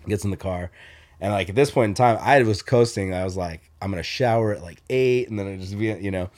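Low-voiced man rambling through a story. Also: fairly quick. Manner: loose and profane, heavy "like" fillers; rambling, animated retelling with restarts. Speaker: podcast co-host. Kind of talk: casual storytelling chat.

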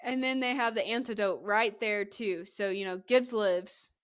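A woman co-hosting a podcast, chatting casually as she retells a TV episode with lively acted-out quotes. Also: mid-range voice, moderate pace, highs cut off. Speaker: podcast co-host. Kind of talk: casual chat recapping a TV episode.

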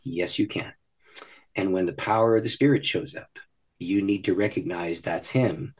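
A man who is a guest on a podcast, telling a personal story in an animated way and laughing often. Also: low-pitched, moderate pace. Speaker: podcast guest, ministry leader. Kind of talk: storytelling in a conversation. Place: podcast recording.

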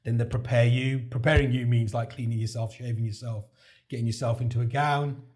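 This podcast guest, a man who received a heart transplant, speaks fairly quickly in a medium pitch with little pitch movement and a darkish tone. He chats through his story in casual interview style, acting out the dialogue others spoke to him.

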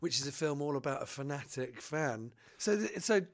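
A man co-hosting a podcast, telling rambling, excitable stories in casual chat and laughing as he goes. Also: on the high side, moderate pace. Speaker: podcast co-host.

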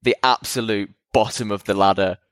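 A man's voice: lowish voice, fairly even intonation, normal speed, a bit bright, clear, resonant tone, no echo. A man co-hosting a podcast, rambling and chatty with frequent laughter. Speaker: podcast co-host. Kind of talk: casual podcast chat.

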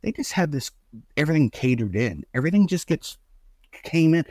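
A middle-aged man casually telling a story about his son, acting out the quotes with big pitch jumps. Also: very animated, fairly quick, a little mellow, dry recording.

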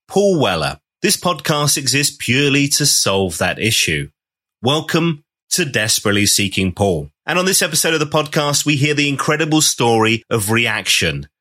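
A man's voice: medium pitch, pushed and bright. A man hosting a podcast, giving the intro and interviewing in an enthusiastic, jokey way. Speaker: podcast host.

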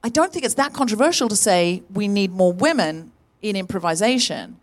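A woman hosts a live comedy podcast from a stage before an audience. She tells a long personal story in an animated way, acting out the voices of the people in it. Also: mid-range voice, normal speed. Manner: lively, animated storyteller who acts out quoted people. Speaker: podcast host.

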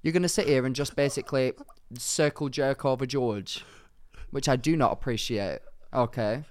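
A man's voice: medium pitch, moderate pace. A man co-hosting a casual podcast, teasing his partner in a mock-offended, theatrical way. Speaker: podcast co-host.

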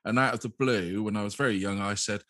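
A man co-hosting a podcast with dry, deadpan humour in casual banter. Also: fairly low pitch, fast talker, slight background noise. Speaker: podcast co-host.

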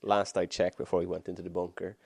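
Deep, gravelly man chatting. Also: little pitch movement, a little mellow, dry recording, studio quality. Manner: rambling, with restarts and quick asides. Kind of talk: casual chat.

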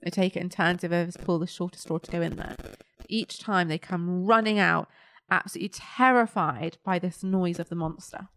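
A young woman co-hosts a casual podcast reviewing a kids' show, her lowish voice steady, fairly bright, and at a normal pace. She chats and retells scenes using little quoted voices, in clean studio sound with no echo.

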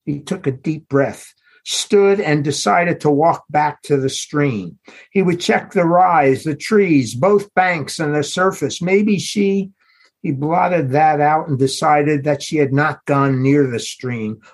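A man, the author, reading aloud from his novel in a measured, unhurried storytelling manner. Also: on the high side. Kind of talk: literary reading.

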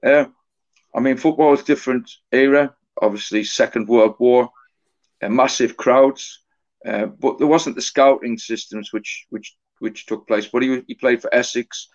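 Guesting on a laid-back podcast, a middle-aged author recounts stories in fits and starts, anecdote by anecdote. His pitch is low and monotone, with little rise or fall, and the sound quality is somewhat dull and lo-fi.

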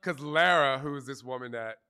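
A man answering questions in front of a group, telling candid stories in animated, slangy speech with cursing and acted-out quotes. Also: medium pitch, a little fast, clean tone. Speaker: fitness trainer interviewee. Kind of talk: candid storytelling Q&A before a live group. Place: outdoor retreat gathering.

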